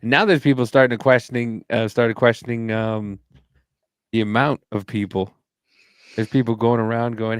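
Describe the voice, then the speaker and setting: A man's voice: medium pitch, fairly even intonation, moderate pace, clear, resonant tone, dry recording. A man in casual podcast chat, making joking remarks with chuckles along the way. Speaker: podcast participant.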